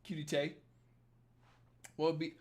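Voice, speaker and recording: A young man hosting a casual livestream, reading viewer comments and giving dating advice in a profane, joking, animated way. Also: a little high, unhurried. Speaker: dating coach livestream host.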